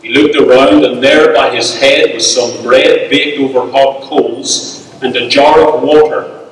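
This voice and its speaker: A male pastor, preaching a sermon in a measured, emphatic way with pauses. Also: medium pitch, steady tone, a little hiss or hum. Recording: echoey hall, speaker far from mic.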